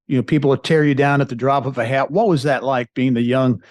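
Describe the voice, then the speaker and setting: A man's voice: mid-range voice, fairly even intonation, quick pace, darkish tone, no echo, studio quality. A man hosting an interview, asking questions in a conversational, hesitant way with many fillers. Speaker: podcast host. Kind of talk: casual interview.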